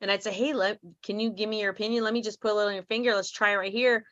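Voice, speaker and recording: Woman talking fast over a dull lo-fi call, acting out how she sells. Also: medium pitch, steady tone, fairly bright tone. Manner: quick, acts out a customer exchange. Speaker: trainer. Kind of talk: casual call explaining sales tips.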